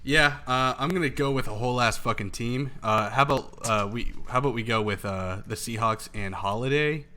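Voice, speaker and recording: A man's voice: medium pitch, moderate pace, few pauses, sharp tone. A man co-hosting a casual sports betting podcast, blunt and confident, swearing freely as he makes his picks. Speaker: podcast co-host.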